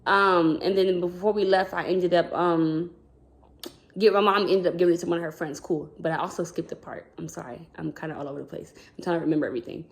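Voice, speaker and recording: A woman's voice: lowish voice, fairly even intonation, fast talker. A woman who works as a school counselor telling a personal story to her viewers in a casual, rambling way, often calling them "y'all". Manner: chatty, rambling, addresses viewers as "y'all", acts out quoted dialogue.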